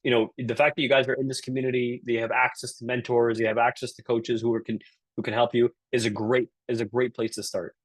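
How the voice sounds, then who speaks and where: A man with a Canadian accent giving a live online career talk, energetic and peppering his points with "right?". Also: medium pitch, fast, no room sound. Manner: energetic, frequent "right?" tag questions. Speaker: career speaker at a virtual session.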